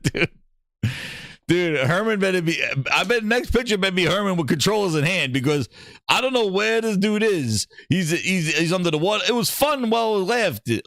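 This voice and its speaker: Male gaming host, excitable mocking rant, lively swinging pitch, dry close sound. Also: no echo. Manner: excitable, mocking, laughs and swears. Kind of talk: reacting to clips, rant.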